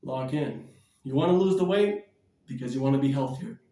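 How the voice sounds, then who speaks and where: A man vlogging about diet and exercise in a blunt, energetic, preachy way, sometimes moving about as he talks. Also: mid-range voice, fast talker, echoey room, recorded from a distance. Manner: energetic, bouncing and shadow boxing while talking. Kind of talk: casual motivational vlog.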